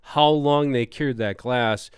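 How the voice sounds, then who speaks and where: A man's voice: medium pitch, slow, clear, resonant tone, no echo, clean studio sound. A middle-aged man with a Wisconsin accent hosting a podcast, easygoing and rambling as he talks. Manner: easygoing, rambling, lots of fillers. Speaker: podcast host. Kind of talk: podcast conversation.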